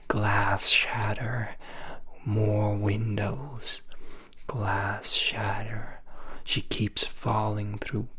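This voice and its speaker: ASMR storyteller, man, unhurried breathy whisper, flat delivery. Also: on the low side.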